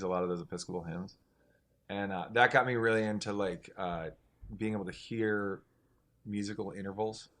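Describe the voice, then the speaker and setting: A middle-aged man with a notably deep, low voice talks casually as an interview guest. He rambles and restarts his sentences, filling gaps with "like" and "um" as he works toward his point. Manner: rambling, many restarts and "like" fillers. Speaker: singer-songwriter guest.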